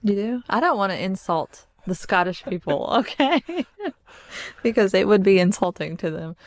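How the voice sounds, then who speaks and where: A woman's voice: medium pitch, expressive, moderate pace, no echo. A woman with a Kentucky accent co-hosting a podcast in casual chat, laughing often. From United States. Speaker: podcast co-host.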